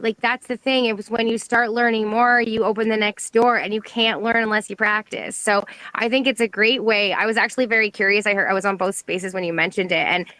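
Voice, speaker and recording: Guest, female, bright voice, dry close sound, earnest and filler-heavy. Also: on the high side, no room sound, poor audio. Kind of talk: casual live audio chat.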